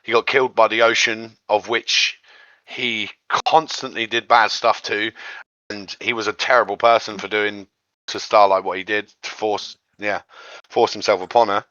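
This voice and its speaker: A man's voice: fairly low pitch, flat delivery, normal speed, pushed and bright, dry recording, highs cut off. A man hosting a podcast, chatting casually and rambling, acting out quotes in a raised voice. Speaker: podcast host. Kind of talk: casual chat.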